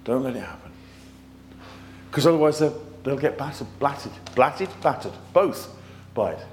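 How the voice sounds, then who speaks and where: A man preaching a sermon, lively and conversational with jokey asides, reading scripture aloud with strong emphasis. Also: mid-range voice, moderate pace, slight background noise.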